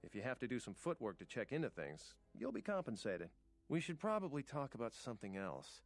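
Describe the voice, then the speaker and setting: A hushed, secretive game townsman. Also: medium pitch, wildly swooping pitch, brisk, no room sound. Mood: conspiratorial. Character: adult male game townsman, secretive informant. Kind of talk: video game voice acting.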